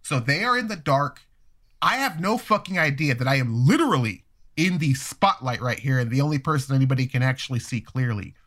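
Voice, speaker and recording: A man in his thirties with a voice pitched in the middle range spins a profane story in a relaxed, conversational way. His delivery is animated, and he slips into the voices of the people he quotes. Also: fairly quick. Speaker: storyteller guest. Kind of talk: casual storytelling.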